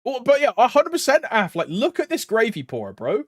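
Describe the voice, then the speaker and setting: Streamer bloke, sweary laddish banter, voice jumps all over, dry close mic. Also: male voice, very high-pitched, wildly swooping pitch, normal speed, dry recording. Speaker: game streamer. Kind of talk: casual live stream chat.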